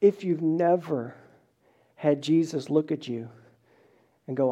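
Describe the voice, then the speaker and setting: A male pastor preaching a sermon, telling stories with lively acted-out quotes and a pace that speeds up and slows down. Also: a little high, highs cut off. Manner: animated storytelling, acts out quoted voices, varied pace.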